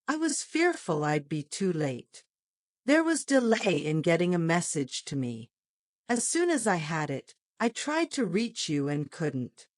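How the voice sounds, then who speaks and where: A woman reading the part of an excitable army colonel, speaking in a clipped, brisk manner. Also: fairly low pitch, dry recording, clean studio sound. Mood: eager.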